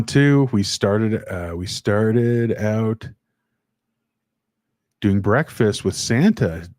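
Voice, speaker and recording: Slow, deep-voiced man hosting a live chat. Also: vocal fry, a little mellow, dry recording, clean studio sound. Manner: halting, many fillers and restarts; greets chat viewers by name. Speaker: livestream host. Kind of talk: casual live-stream chat.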